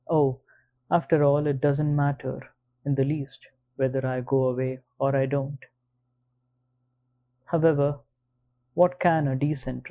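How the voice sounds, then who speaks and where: A man reading an audiobook in the first person, with a measured, even delivery. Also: mid-range voice. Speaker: audiobook narrator. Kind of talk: scripted audiobook narration. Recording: slightly dull lo-fi recording.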